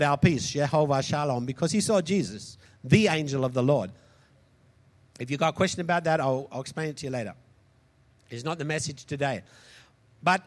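A man delivers an emphatic sermon in a notably high voice. He keeps pressing the congregation for responses. A long hall reverb hangs behind every phrase. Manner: emphatic, calls out for audience responses. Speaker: preacher.

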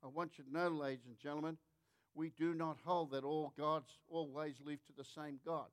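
A man's voice: on the high side, steady tone, moderate pace. A man with an Australian accent preaching a sermon, emphatic and rhetorical, often asking the crowd questions. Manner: emphatic, rhetorical, repeats "how many of you know".

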